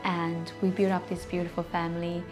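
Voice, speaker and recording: A woman's voice: lowish voice, completely flat delivery, over music. Earnest woman sharing a painful memory. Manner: earnest and halting, emotional; non-native phrasing. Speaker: company CEO. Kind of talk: personal storytelling.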